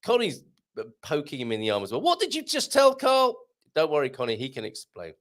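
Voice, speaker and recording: A man's voice: fairly high pitch, huge pitch swings, a little fast, fairly bright tone. A man hosting a live online show, chatting and reading out viewer comments. He is jokey, laughs often and trips over his words.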